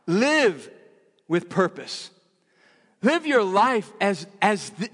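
A high-pitched male preacher delivers a sermon, pressing points by repeating them and restarting phrases mid-thought. His voice rings out with a long reverb from a church hall. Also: sing-song, extremely slow, long pauses, fairly bright tone. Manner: emphatic, repetitive, frequent restarts.

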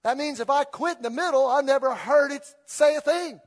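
A high-pitched man preaching in a big church hall, his voice trailing off into long reverb. He swings from soft, conversational asides to loud, fervent exhortation, calling the congregation to read along with him. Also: brisk. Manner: animated, rising to loud exhortation, call-and-response with congregation. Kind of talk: energetic sermon. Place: church sanctuary.

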